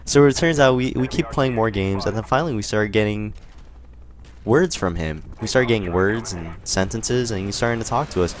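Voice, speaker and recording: A young man telling a rambling, animated story while commentating on a game, with lots of fillers. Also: on the low side, moderate pace. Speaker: gaming commentator. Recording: faint gunfire noise behind. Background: game gunfire.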